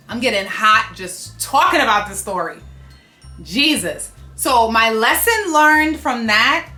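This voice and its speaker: A woman, telling a story to the camera in an animated, indignant way and repeating herself for emphasis. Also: on the high side. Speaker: fashion vlogger.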